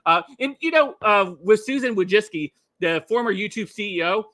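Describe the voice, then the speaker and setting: A man's voice: high-pitched, lively intonation, moderate pace, bright, forceful tone. A middle-aged man hosting a casual commentary livestream, rambling and chuckling with lots of filler words. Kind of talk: casual political commentary stream.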